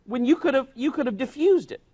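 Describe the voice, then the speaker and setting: A man's voice: very high voice, lively intonation, brisk, dark tone. A male pastor preaching a sermon in a folksy, plain-spoken way, stressing and repeating his key points. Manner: emphatic, repeats key points, acts out quoted dialogue.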